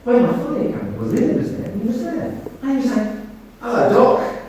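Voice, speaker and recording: A man telling lively anecdotes to an audience, often repeating and restarting his phrases. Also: very high voice, fast, slight background noise. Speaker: speaker at a talk on mediumship. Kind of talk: anecdotal storytelling talk. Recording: echoey hall from far off.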